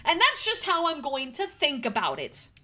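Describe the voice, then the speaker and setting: A woman's voice: high voice, wildly swooping pitch, normal speed, sharp tone, a little hiss or hum. A young woman game streamer, reading a visual novel aloud and chatting casually with her viewers, swearing freely. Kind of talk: casual live-stream chat and story reading. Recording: music playing behind the voice. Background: background music.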